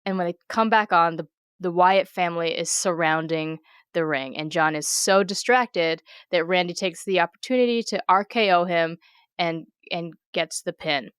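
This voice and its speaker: Co-host with a smooth, lowish voice. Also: female voice, a little slow, no room sound, studio quality. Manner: casual, blunt, swears freely. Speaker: podcast co-host. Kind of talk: casual podcast chat.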